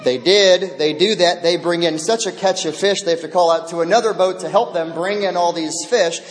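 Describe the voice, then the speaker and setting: A man preaching a sermon as pastor, swinging dramatically between loud proclamation and hushed near-whisper. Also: sits high, normal speed, a little hiss or hum. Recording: long echo of a large hall.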